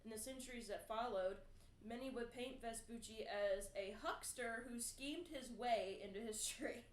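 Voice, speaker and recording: A woman's voice: a little high, moderate pace. Giggly woman reading fun facts. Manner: laughs often, reads facts with fillers. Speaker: podcast co-host. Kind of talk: casual podcast chat reading fun facts. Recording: echoey room with faint noise.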